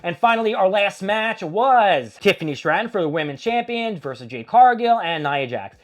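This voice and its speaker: A man hosting a casual wrestling recap, rambling and opinionated with plenty of swearing. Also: sits high. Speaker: host.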